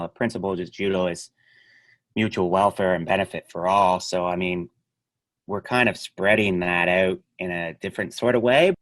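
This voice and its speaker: A middle-aged man, a judo coach, chatting as a podcast guest and telling animated stories, often laughing and trailing off quietly. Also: low-pitched, dry recording. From Canada. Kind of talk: casual podcast chat.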